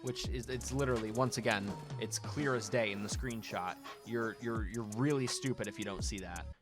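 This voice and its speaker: A man's voice: fairly low pitch, moderate pace. A man giving casual, sarcastic commentary over gameplay, cursing freely and tossing out mocking insults. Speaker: gaming YouTuber. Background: background music.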